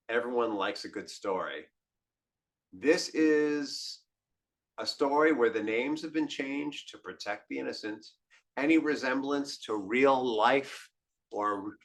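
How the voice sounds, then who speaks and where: Expressive man telling a story. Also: mid-range voice. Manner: dramatic storyteller, swings from hushed to emphatic. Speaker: podcast host. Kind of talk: storytelling monologue.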